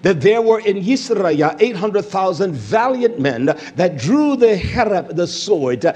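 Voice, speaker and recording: Fiery preaching man, shouts then mutters. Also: high voice, big pitch swings, unhurried, few pauses, husky. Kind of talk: sermon.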